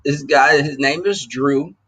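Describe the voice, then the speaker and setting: A man hosting a livestream and chatting casually with his viewers, loose and joking. His voice is slightly high, bright and husky, with a gravelly edge. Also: steady tone, a little slow. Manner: loose and joking, talks straight to the chat. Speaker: livestream host. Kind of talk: casual chat with live viewers.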